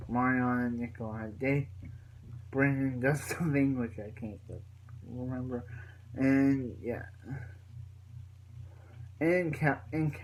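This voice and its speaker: A man's voice: medium pitch, a little hiss or hum, rough recording. A young man recapping a TV episode in a casual, rambling way, full of fillers and restarts. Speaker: reviewer.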